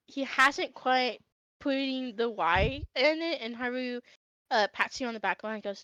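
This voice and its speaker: A woman narrating as game master in a casual, halting way with many fillers. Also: fairly high pitch, fairly bright tone, no room sound. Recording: dull, dry lo-fi audio.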